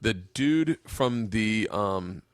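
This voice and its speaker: A man hosting a podcast, chatting casually, swearing freely and telling stories with lively acted-out quotes. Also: fairly low pitch, drawn-out words, dry recording. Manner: animated storyteller, swears freely, acts out quotes. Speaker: podcast host.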